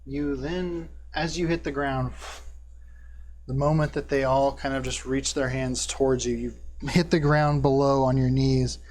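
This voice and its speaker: A man running a tabletop game as game master, describing scenes with a measured, descriptive delivery. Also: medium pitch, steady tone, darkish tone, slight background noise. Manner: descriptive, measured narration with fillers.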